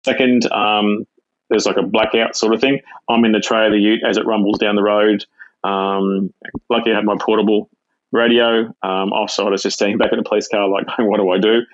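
A middle-aged Australian man, a retired police sergeant, tells his story in a halting way with many fillers and restarts. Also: on the low side, flat delivery, no room sound, dull audio. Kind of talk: casual personal storytelling.

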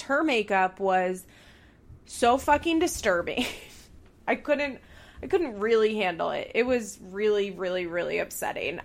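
A woman's voice: mid-range voice, fairly bright tone. A young woman hosting a podcast, recapping a show in heated, profane rants. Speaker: podcast host.

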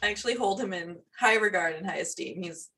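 A woman's voice: medium pitch, a little fast, bright, forceful tone, recorded from a distance. A woman co-hosting a podcast in casual chat, chatty with many fillers. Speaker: podcast co-host.

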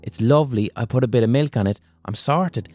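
A man's voice: medium pitch, a little fast, a little mellow, no echo, faint music behind, close to an everyday voice. A man voicing a cheerful, naive customer who chats innocently about cereal. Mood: chirpy.

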